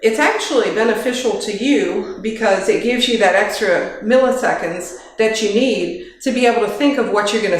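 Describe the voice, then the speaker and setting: Holding a microphone in a very echoey kitchen, a woman runs an informal workplace training session in her mid-range voice, keeping things practical and conversational with a few playful asides that ring off the walls.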